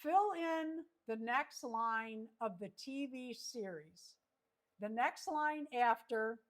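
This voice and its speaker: Slow-talking woman hosting a trivia stream. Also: fairly high pitch. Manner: slow, reads questions twice. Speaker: host. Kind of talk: livestream trivia chat.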